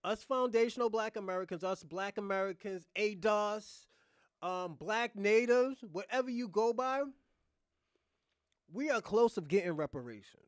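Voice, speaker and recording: A man's voice: high-pitched, dry recording, clean studio sound. A man hosting a reaction livestream, ranting in a blunt, profane, rambling way. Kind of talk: casual livestream commentary.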